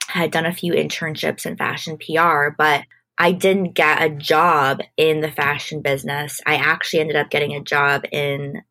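A young adult woman, a guest in an interview, telling her story in a relaxed, casual way with frequent "like". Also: deep voice, normal speed. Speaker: guest, entertainment manager.

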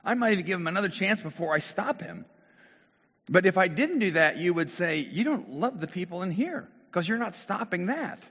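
A middle-aged male pastor gives a conversational sermon, asking rhetorical questions and restarting his sentences as he goes. His voice has a slightly husky edge. A long reverb rings around him, as in a large hall. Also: on the high side, a bit bright.

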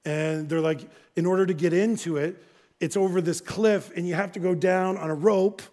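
Animated middle-aged male pastor telling a story. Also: high-pitched, moderate pace. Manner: animated, acts out dialogue, many restarts. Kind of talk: sermon with storytelling.

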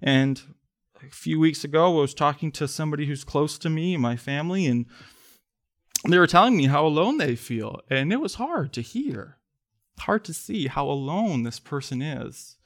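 A man preaching a sermon in church, earnest, swelling to emphatic pleas and then sinking soft. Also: a little high, lively intonation, moderate pace. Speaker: pastor.

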